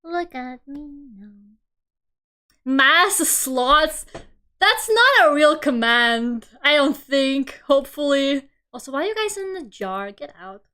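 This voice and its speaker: A woman's voice: sits high, sing-song, slow pace, pushed and bright. A young woman streamer chatting casually while she draws, rambling through a story full of fillers and frequent laughs. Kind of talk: casual livestream chat while drawing.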